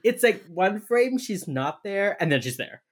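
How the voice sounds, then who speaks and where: A woman's voice: mid-range voice, unhurried. A young woman co-hosting a podcast, casually retelling a TV episode and acting out the characters' lines. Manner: animated, acts out characters' lines while retelling. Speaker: podcast co-host recapping a TV episode. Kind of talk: casual chat.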